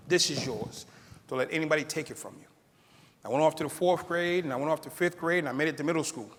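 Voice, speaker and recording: A middle-aged man tells his life story to an audience, acting out the people in it and laughing now and then. His voice sits a little high. The sound carries the long echo of a large hall. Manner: animated, acts out quoted voices. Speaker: keynote speaker.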